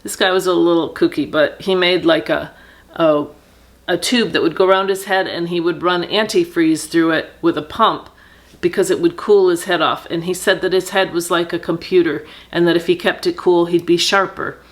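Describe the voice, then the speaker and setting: A middle-aged woman tells her own story to the camera in a fairly low voice. She speaks earnestly and reflectively, halting often with fillers and restarts as she gathers her thoughts. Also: steady tone. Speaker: vlogger telling personal story. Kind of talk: candid personal storytelling.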